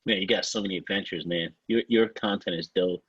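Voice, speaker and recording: A man with a Nigerian accent hosting a casual podcast interview, relaxed and friendly as he asks questions. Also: low-pitched, fairly quick, breathy edge, no echo, muffled recording. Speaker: podcast host.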